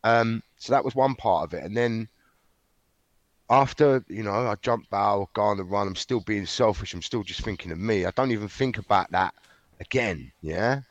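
A man telling his story frankly in an interview, halting often with fillers and restarts. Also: lowish voice, no room sound, highs cut off. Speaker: interview guest. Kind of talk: candid conversational storytelling.

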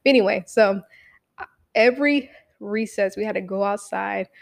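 A young woman telling a casual story about her own life, profane and animated, full of fillers and acted-out quotes. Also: mid-range voice, normal speed, creaky.

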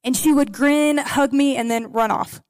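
A woman preaches to a congregation, telling stories and reading scripture in an earnest, heartfelt way. Her voice sits high and bright in pitch. The sound is dry and close, with little room echo. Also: normal speed. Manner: earnest, storytelling, prays softly. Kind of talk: sermon to a congregation. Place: in a room with a gathered audience.

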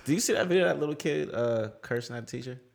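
A man's voice: on the high side, lively intonation, very fast, creaky. A man in a casual group chat, making laid-back, wry remarks.

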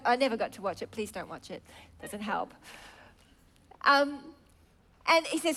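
A middle-aged woman preaching a sermon, expressive, swinging from soft, low asides to loud, exclaiming lines. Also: moderate pace, pauses often.

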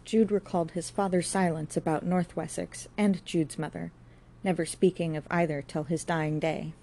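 A woman narrating a classic novel as an audiobook, reading in a measured, steady way. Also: lowish voice.

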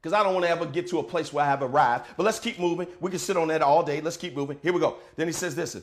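A male pastor preaching a sermon in a casual, colloquial way, moving from quiet to shouted declarations. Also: a little high, rapid-fire.

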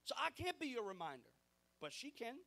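Pastor, forties, fairly high voice, chatty sermon full of stories and quoted talk. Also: male voice, brisk. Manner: conversational, animated storytelling with quoted dialogue.

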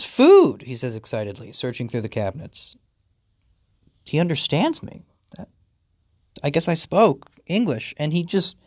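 Slow, deadpan game commentator. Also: mid-range voice, dry recording, clean studio sound. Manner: deadpan, amused, reading game text aloud. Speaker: gaming video host. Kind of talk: playthrough commentary.

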